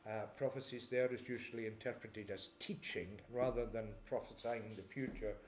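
A man preaching a sermon in a church, reading scripture slowly and explaining it in a measured way, with frequent throat clearing. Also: on the low side, steady tone, slight background noise. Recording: echoey church room.

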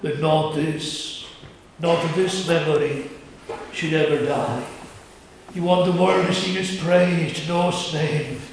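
A man preaching a communion sermon in a church, slow, earnest and measured, with pauses. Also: fairly high pitch. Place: church sanctuary. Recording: very echoey church, distant mic, faint hiss.

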